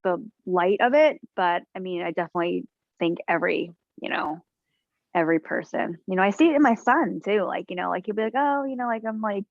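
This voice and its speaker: A woman's voice: medium pitch, fairly quick, no echo, narrow, tinny audio. A woman chatting casually as a podcast co-host, rambling with lots of fillers. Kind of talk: casual chat.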